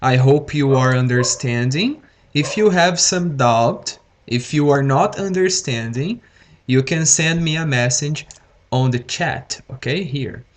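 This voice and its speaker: A male English teacher gives a live-streamed grammar lesson in a mid-range voice. He speaks slowly and carefully on purpose, repeating words and saying "okay" a lot.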